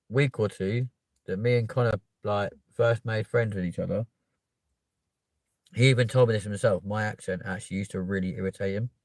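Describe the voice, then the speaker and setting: Casual streamer, man, South West London accent, cheeky and sweary, deep-ish voice. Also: no echo. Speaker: live streamer. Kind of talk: casual chat to viewers.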